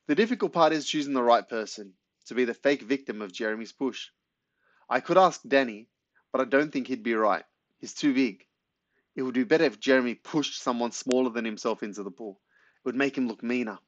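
A man narrating a first-person children's story in a lively, animated way. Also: medium pitch, no echo. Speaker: audiobook narrator. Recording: dry, slightly muffled studio read.

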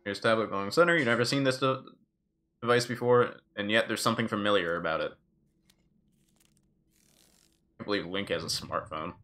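A man's voice: lowish voice, normal speed, long pauses, sharp tone. A man streaming a video game live and chatting casually, joking and swearing freely as he plays. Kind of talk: casual live gameplay commentary.

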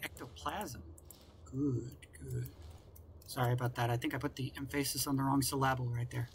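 Gravelly man muttering through a game. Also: medium pitch, little pitch movement, very fast, a little hiss or hum. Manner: wry, mutters to himself and the game. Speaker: gameplay commentator. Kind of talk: casual let's-play commentary.

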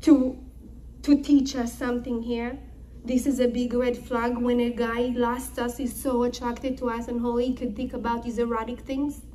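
A woman's voice: on the high side, little pitch movement, normal speed, dark tone, a little hiss or hum, poor audio. A young woman teaching a scripture lesson through dramatic storytelling, acting out the quoted lines with emphasis. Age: young adult. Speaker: Torah teacher.

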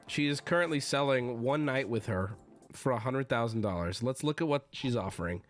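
A man's voice: medium pitch, normal speed, soft background music. A man streaming live, telling stories in casual chat, teasing his viewers and swearing freely as he talks.

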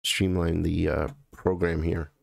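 An American man hosting a live stream, chatting casually and in a halting, rambling way as he greets viewers by name. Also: low-pitched, level tone, gravelly, no room sound.

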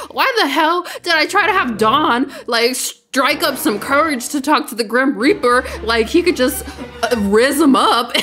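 A woman hosting a let's play, giving casual, excitable game commentary and laughing often. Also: sits high.

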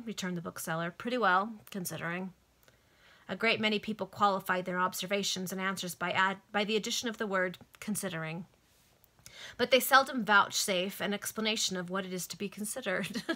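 A woman's voice: mid-range voice, bright, forceful tone. A woman reading a novel aloud to friends over a video call, narrating expressively with light amusement. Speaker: reader.

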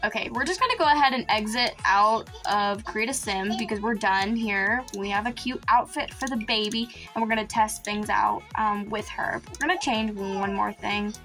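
A woman's voice: medium pitch, moderate pace, hardly any pauses, pushed and bright, faint music behind. A woman hosting a let's-play gaming video, gushing over the game with frequent gasps, squeals and laughs. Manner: playful, breaks into laughs. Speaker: gaming channel host. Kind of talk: excited let's-play commentary.

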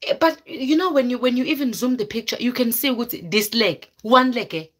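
A woman vlogger tells her live viewers a story dramatically, exclaiming and mixing in local words in casual chat. Her voice is on the high side and a bit bright, and she speaks a little fast.

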